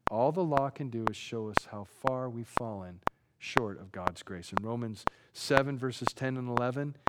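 A middle-aged man preaching a sermon, animated, swinging from quiet reading to loud, folksy asides. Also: mid-range voice, moderate pace. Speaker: pastor. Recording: loud background noise.

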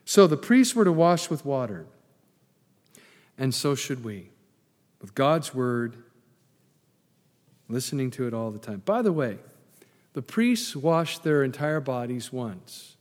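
A man's voice: medium pitch, big pitch swings, slow, long pauses, a little mellow. A male pastor delivering a conversational sermon with joking asides to his congregation. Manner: conversational preaching with asides and humor. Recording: long reverb in a large hall.

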